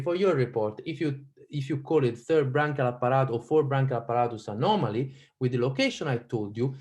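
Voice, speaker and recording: A man's voice: mid-range voice, darkish tone. A man with an Italian accent giving an online teaching lecture on a video call, quizzing the audience and often restarting his sentences. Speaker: radiology lecturer.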